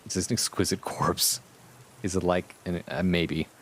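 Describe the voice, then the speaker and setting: A man's voice: deep voice, steady tone, measured pace. A man streaming live as a VTuber, chatting casually with his viewers, amused, profane and rambling.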